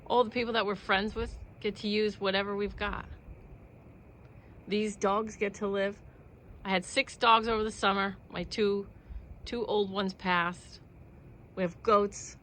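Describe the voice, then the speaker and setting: A woman talks casually to the camera from outdoors at home, rambling in an earnest way and laughing between her thoughts. Her voice sits at a middling pitch. There is faint ambient noise behind her. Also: level tone, a little slow, long pauses, fairly bright tone, low-quality recording. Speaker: vlogger. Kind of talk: casual spiritual musing to camera.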